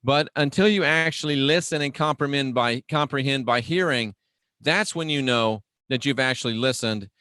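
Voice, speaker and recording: A man's voice: medium pitch, bright, forceful tone, clear, resonant tone, dry recording, clean studio sound. Emphatic man teaching scripture on a livestream. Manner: conversational and emphatic, slows and raises voice for key phrases; greets viewers and talks to himself while navigating a website. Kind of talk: casual livestream Bible teaching.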